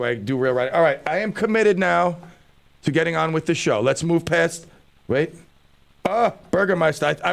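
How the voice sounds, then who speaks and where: Gravelly man hosting a radio show. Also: fairly high pitch. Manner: joking, self-mocking banter. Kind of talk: casual radio talk. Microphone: studio microphone.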